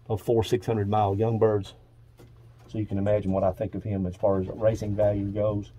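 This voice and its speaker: A man's voice: on the low side, mellow, a little hiss or hum, poor audio. A man in his seventies with a Kentucky accent, a pigeon breeder rambling through a casual walkthrough of his loft, full of fillers and repeats. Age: 70s. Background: pigeons cooing.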